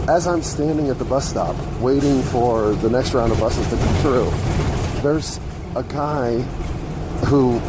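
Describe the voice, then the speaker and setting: A man hosting his own show, telling a rambling, profane story aloud while out on the street and riding a bus, recorded on a phone. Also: mid-range voice. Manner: profane, rambling, animated when retelling. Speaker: podcast host. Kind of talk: casual storytelling monologue. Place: outdoors on the street and at bus stops. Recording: faint street and traffic noise.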